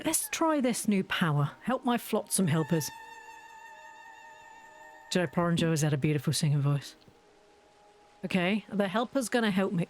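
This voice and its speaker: A woman's voice: lowish voice, sing-song, normal speed, pauses often, soft background music. A young woman chatting casually as she plays a game, ranting and laughing often. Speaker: gaming video creator. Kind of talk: casual gameplay commentary.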